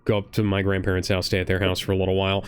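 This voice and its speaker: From his home streaming setup, the Ohio co-host delivers a rapid-fire, completely flat take in a low, smooth voice with no room sound. It's a casual reaction chat, and he rambles earnestly with lots of restarts.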